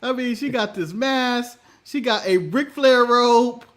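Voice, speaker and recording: A man's voice: very high-pitched, slow pace, a bit bright. An American man co-hosting a casual wrestling review chat, blunt and often laughing as he talks. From United States. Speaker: co-host.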